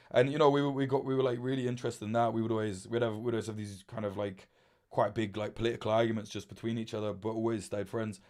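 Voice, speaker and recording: A man's voice: fairly low pitch, level tone, quick pace, a little mellow. A man in his late twenties, chatting casually on a livestream, rambling with lots of fillers and swearing. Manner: rambling, swears freely, many fillers and restarts. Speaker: livestream host.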